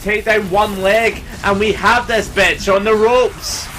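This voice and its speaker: A young man giving profane, excitable let's play commentary, yelling at his teammates. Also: high-pitched, slow, noisy background. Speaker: gaming video host.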